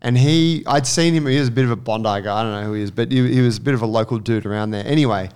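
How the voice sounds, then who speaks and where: A man's voice: medium pitch, very fast, clear, resonant tone. A man casually telling a story on a podcast, acting out what people said. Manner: animated storyteller, acts out quotes.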